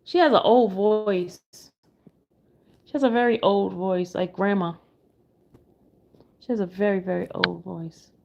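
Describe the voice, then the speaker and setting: Exasperated woman with a gravelly edge. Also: mid-range voice, takes it slowly, pauses often, highs cut off, slight background noise. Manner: exasperated, talks to her viewers as she browses. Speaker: commentary streamer. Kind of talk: reaction commentary to a livestream.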